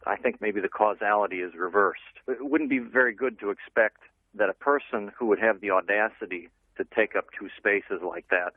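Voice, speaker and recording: A man's voice: fairly low pitch, moderate pace, no room sound. A man calling in to a radio show, friendly and analytical as he lays out his point. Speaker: caller. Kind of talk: call-in radio phone call. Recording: tinny phone line.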